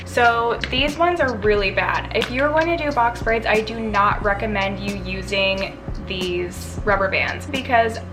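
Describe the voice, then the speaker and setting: A young Midwestern American beauty vlogger talks casually to camera over music, rambling and chatty, restarting mid-thought. Her mid-range voice keeps a measured pace with hardly any pauses.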